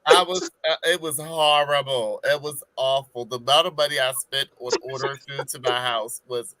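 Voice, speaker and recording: A man's voice: medium pitch, steady tone, normal speed, bright, forceful tone, dry recording, rough recording. A man from Maryland, a guest drag performer, chatting on a podcast and telling sassy stories with put-on voices. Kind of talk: casual podcast chat.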